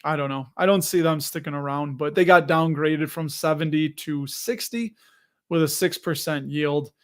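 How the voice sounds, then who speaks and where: Laid-back american guy running a live stream, rambly, reads the chat out loud, voice a bit on the high side. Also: normal speed. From United States. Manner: loose and chatty, reads viewer comments aloud. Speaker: host of a live dividend investing stream.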